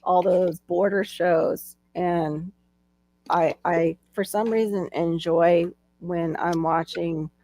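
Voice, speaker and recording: A woman's voice: fairly low pitch, fairly even intonation, slow, dark tone, no echo. A woman in her forties, the host of a live stream, from Florida, chatting casually and laughing often. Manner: chatty, laughs often, reads side chat aloud.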